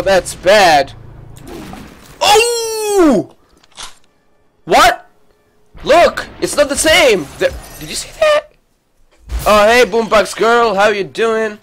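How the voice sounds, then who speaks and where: A man streaming live gameplay, reacting with loud excited exclamations and swearing. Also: high-pitched, a little hiss or hum. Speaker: gaming streamer.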